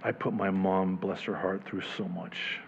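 A male pastor preaching a conversational sermon, swinging between loud emphatic peaks and soft low murmurs, chuckling at his own asides. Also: steady tone, unhurried, lo-fi sound, a little hiss or hum.

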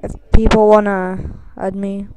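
A woman's voice: mid-range voice, level tone, measured pace, dark tone. A woman giving goofy, crude let's play commentary, yelping and squealing at mishaps in the game. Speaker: gameplay commentator.

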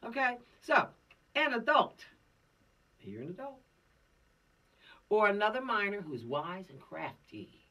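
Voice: medium pitch, sing-song, slow, long pauses, pushed and bright, far from the mic. A law course instructor giving an informal, preachy lecture with streetwise slang.

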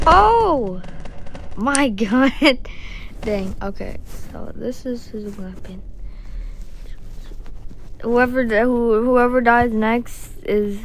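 A woman's voice: fairly high pitch, a bit bright, a little hiss or hum. A woman giving casual, goofy reaction commentary over a video, giggling and joking as she goes.

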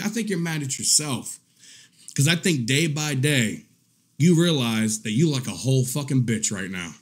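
A man giving casual reaction commentary in a profane, mocking, animated way, often breaking into laughter. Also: high voice. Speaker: commentary vlogger.

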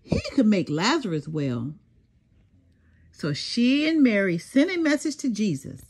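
An older woman reading a children's storybook aloud, slow and sing-song with dramatic pauses and a softly breathy voice. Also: mid-range voice, very animated. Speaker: storybook reader. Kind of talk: expressive children's read-aloud.

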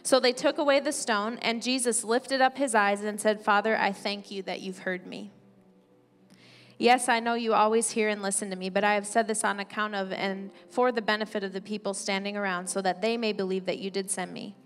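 A woman pastor preaches a sermon in a church sanctuary, reading scripture aloud and explaining it conversationally. Her mid-range voice is steady and brisk, carried by church hall reverb with soft music underneath.

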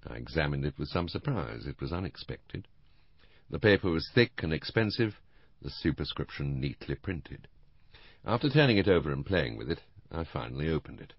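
A man narrating an audiobook in a measured first-person storytelling manner. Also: very deep voice, sing-song, slightly rough, no room sound, highs cut off.

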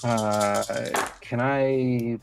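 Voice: mid-range voice, steady tone, drawn-out words, over music. A player in a tabletop game, casually asking about rules and counting dice results aloud.

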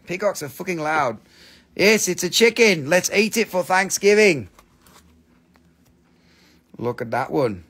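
A man's voice: high-pitched, expressive, a little slow, long pauses, a bit bright, husky. A man hosting a live stream sale, chatting casually and jokingly, swearing freely and tossing in silly voices. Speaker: host selling stones on a live stream. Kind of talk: casual live sales chat.

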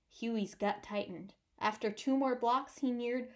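A woman reading a children's picture book aloud with warm, expressive storytelling. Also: fairly high pitch, normal speed. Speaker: storybook reader.

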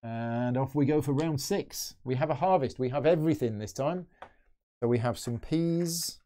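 A man's voice: mid-range voice, moderate pace, mellow. A man hosting a live solo board game playthrough, chatting and thinking aloud as he moves pieces. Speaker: board game channel host.

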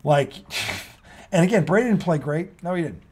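A man's voice: a little high, animated, moderate pace, mellow, breathy edge. A man hosting a casual sports talk show, ranting with lots of profanity.

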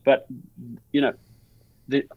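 A man speaks slowly as a guest on a podcast interview, rambling through an anecdote with lots of restarts and fillers. The audio is dull with no echo.

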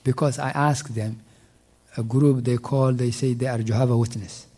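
Guy teaching a tafsir class at a mosque, mellow dark voice, keeps repeating words. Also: mid-range voice, fairly even intonation. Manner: halting, repeats words while searching for them; recites verses in quick Arabic, then translates slowly. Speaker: teacher explaining Quran commentary.

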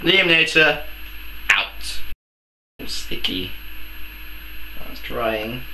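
A man's voice: mid-range voice, very animated, drawn-out words, sharp tone, slight background noise. A young man ranting angrily to camera in a comedic vlog, swearing and firing off rhetorical questions. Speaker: vlogger. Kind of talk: angry comedic rant to camera.

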